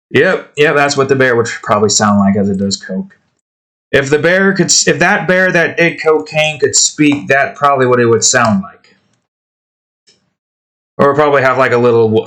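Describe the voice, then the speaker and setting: A man's voice: medium pitch, moderate pace, a bit bright. A man hosting his own art channel, chatting casually while he draws, rambling and trailing off. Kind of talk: casual talk while drawing.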